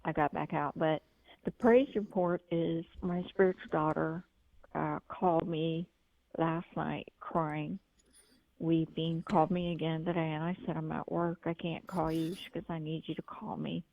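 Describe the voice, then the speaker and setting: A woman's voice: low voice, fairly even intonation, a little slow, vocal fry, narrow, tinny audio. A woman calling in to a talk show, telling things in an earnest, rambling way. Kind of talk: call-in talk.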